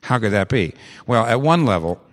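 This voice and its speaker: Animated, emphatic male preacher. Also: mid-range voice, moderate pace, in a large hall. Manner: animated, emphatic, repeats phrases for effect. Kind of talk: sermon.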